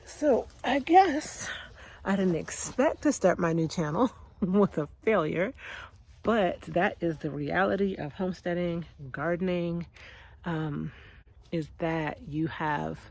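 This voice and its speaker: A gravelly, low-voiced woman in her thirties wanders her backyard garden for her homestead vlog. She chats with viewers, sighs, and calls them y'all in this casual garden video.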